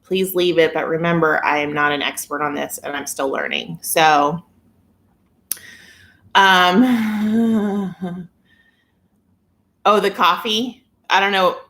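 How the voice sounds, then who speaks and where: A woman's voice: fairly low pitch, steady tone, slow pace, long pauses, a bit bright. A woman hosting a casual live-stream chat on a phone camera, chatty and giggly as she reads viewer comments. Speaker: weight-loss vlogger hosting a live stream.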